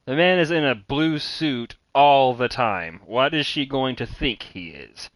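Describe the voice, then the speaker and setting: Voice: mid-range voice, animated, a little slow, hardly any pauses. A streamer giving blunt, candid live game commentary, swearing freely. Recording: stream audio with game music behind.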